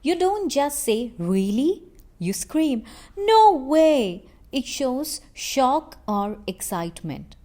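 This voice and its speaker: Slow, lively woman narrating a lesson. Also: a little high. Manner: slow, clear, expressive delivery of example phrases. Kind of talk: scripted narration with acted example lines.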